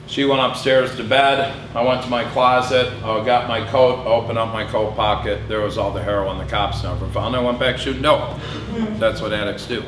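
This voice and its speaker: A middle-aged man giving a candid personal testimony speech at an event, telling a hard story with flashes of dark humor. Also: medium pitch, steady tone, moderate pace, a little hiss or hum. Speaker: public speaker. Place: event hall. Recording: echoey hall with faint ambience.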